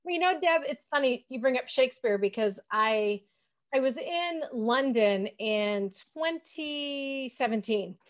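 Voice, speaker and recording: A woman's voice: sits high, animated, measured pace. A woman co-hosting a casual chat, talking in a chatty, enthusiastic way. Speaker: co-host, historian.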